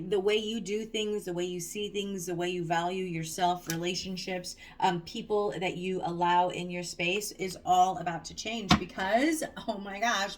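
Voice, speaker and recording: A woman's voice: on the low side, slight background noise. A woman giving a casual, chatty tarot reading, rambling and digressing with lots of fillers and restarts. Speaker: tarot reader.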